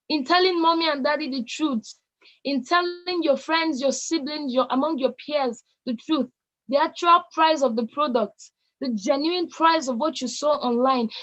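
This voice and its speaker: A woman's voice: high-pitched, muffled recording. A woman with a Nigerian accent giving an emphatic motivational talk to young people, stressing key words by repeating them. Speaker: conference speaker addressing young people.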